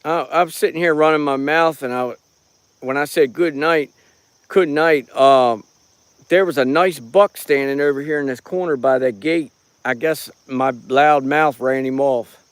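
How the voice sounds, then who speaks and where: A man's voice: medium pitch, moderate pace, smooth, no echo. A middle-aged man live-streaming outdoors at night on a rural property. He holds his phone in his hand and chats in a rambling, folksy way, greeting viewers by name. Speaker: live-streaming paranormal watcher. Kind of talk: casual live stream chat. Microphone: handheld phone.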